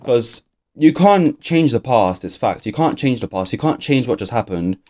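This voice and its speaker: A man's voice: medium pitch, lively intonation, moderate pace, darkish tone. A young man, talking through a game in a casual, swear-filled, grumbling ramble. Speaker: gaming YouTuber. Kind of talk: casual let's-play commentary.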